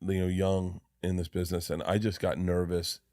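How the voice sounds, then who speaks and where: Low-voiced rambling man. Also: monotone, moderate pace, warm tone, no room sound, studio quality. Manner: rambling, self-deprecating storytelling with many restarts. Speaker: comedian guest. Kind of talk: casual podcast chat.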